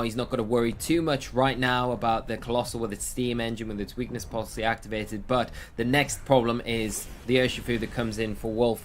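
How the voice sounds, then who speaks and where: A man's voice: mid-range voice, slight background noise. A man commentating a competitive game match, breaking down plays analytically and thinking aloud with frequent restarts. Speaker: esports commentator.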